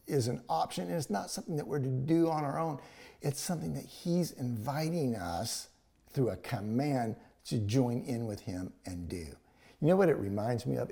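A man's voice: mid-range voice, creaky, dark tone. A man preaching a sermon, retelling a scripture story in a conversational way with paraphrased dialogue.

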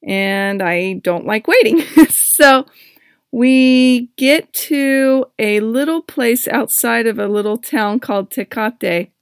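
A woman hosting a podcast, telling a personal story and giving self-help advice in a candid, expressive way. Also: on the high side, creaky, no echo, clean studio sound. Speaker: podcast host.

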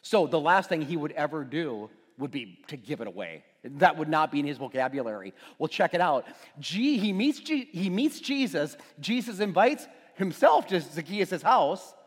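Animated pastor with a high, lively voice. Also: male voice, normal speed, few pauses, slightly rough. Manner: animated, conversational preaching with playful asides to the congregation. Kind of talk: sermon. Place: church sanctuary. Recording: long reverb in a big room.

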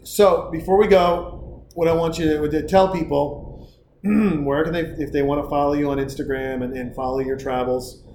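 A man's voice: fairly high pitch, fairly even intonation, moderate pace, a little mellow. A man hosting a casual chat, loose and profane, rambling through stories and advice. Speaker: podcast host. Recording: roomy echo, faint background hiss.

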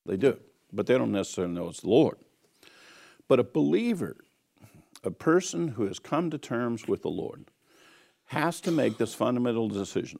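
Man, bible teacher, gravelly voice, fairly low, earnest and emphatic sermon. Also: expressive, normal speed, dark tone. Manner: earnest, emphatic, repeats key phrases.

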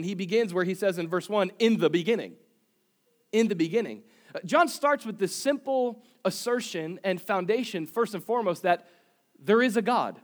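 A man preaching a sermon as pastor, conversational, with humorous asides and rhetorical questions. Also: high voice. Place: church service.

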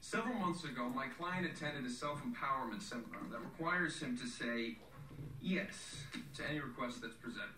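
Brief: a crisp, bright-toned lawyer with a lively delivery, distant film sound. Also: male voice, medium pitch, slight background noise. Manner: measured, explanatory. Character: calm male lawyer explaining his client. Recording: distant film audio in an echoey room.

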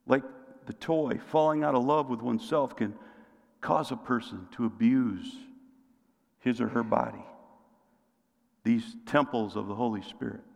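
A man's voice: medium pitch, unhurried, vocal fry, pauses often. A man preaching a sermon as pastor, asking the congregation questions and calling for responses. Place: church sanctuary. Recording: long reverb of a large hall.

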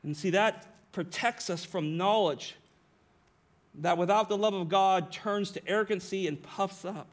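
A pastor preaching a sermon to his congregation, emphatic, often tagging lines with a rhetorical "right?" and slowing down on key phrases. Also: high voice. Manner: varies pace and volume, slowing on key phrases. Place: church sanctuary.

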